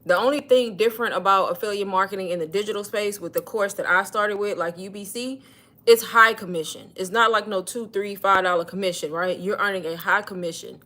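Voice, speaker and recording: A young woman chats on a livestream, calling her viewers y'all and sounding slightly out of breath. Her voice is bright and clear, at a middle pitch for a woman. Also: a little fast. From Texas. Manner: chatty, addresses viewers as y'all. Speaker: livestream host. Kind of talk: casual livestream talk.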